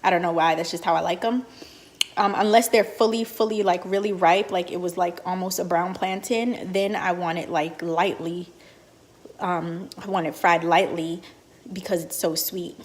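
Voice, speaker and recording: A woman's voice: on the low side, fairly even intonation, moderate pace, a little hiss or hum. A young woman vlogging casually while she cooks breakfast at home, rambling with lots of fillers. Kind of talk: casual vlog chat. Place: home kitchen.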